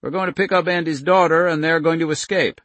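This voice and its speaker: A man reading an audiobook, voicing a rattled, paranoid official who talks briskly. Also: fairly high pitch, fairly even intonation, fairly bright tone, no echo, voice pushed up. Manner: brisk, then jittery. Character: rattled, paranoid middle-aged male official.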